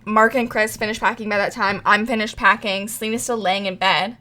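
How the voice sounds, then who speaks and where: A woman's voice: medium pitch, a little fast. A young woman co-hosting a casual podcast, telling a story animatedly, swearing freely and acting out what everyone said. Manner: animated, swears a lot, acts out quotes. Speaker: podcast co-host.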